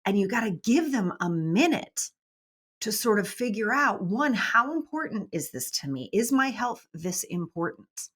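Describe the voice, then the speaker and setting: A middle-aged woman, a business mentor guest, talking in a casual, animated way and acting out quoted voices. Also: mid-range voice, unhurried, slightly rough. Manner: animated, acts out quoted voices, laughs often. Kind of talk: casual interview talk.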